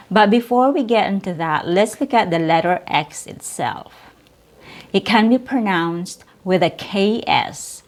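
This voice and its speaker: A woman teaching English pronunciation, speaking in a slow, clearly articulated way and drawing out model sounds and single syllables. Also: on the low side.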